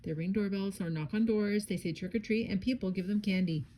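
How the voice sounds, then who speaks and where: A grumpy, bossy storybook bear, as a mother puts him on while reading aloud, loud and scolding, the voice pushed up high and sharp. The tone stays warm and mellow underneath. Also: brisk, slight background noise, lightly acted. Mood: explaining. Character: grumpy, bossy bear who shouts a lot.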